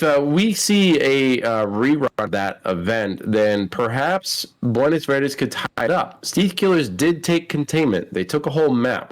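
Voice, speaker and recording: A man giving casual esports commentary, joking around and laughing often. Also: medium pitch.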